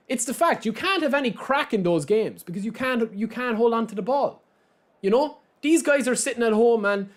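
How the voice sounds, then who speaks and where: Man, Irish accent, gaming streamer, casual chat with viewers, high-pitched, very animated pitch. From Ireland. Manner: talks straight to chat, reads out and answers viewers' messages. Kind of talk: casual live-stream chat while playing.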